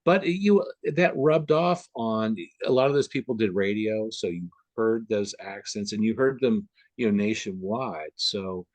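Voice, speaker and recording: A man's voice: lowish voice, lively intonation, unhurried, few pauses, a little mellow, dry recording. A man from the Upper Midwest chatting as a guest on a video call, rambling with lots of fillers and restarts. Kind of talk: casual conversation on a video call.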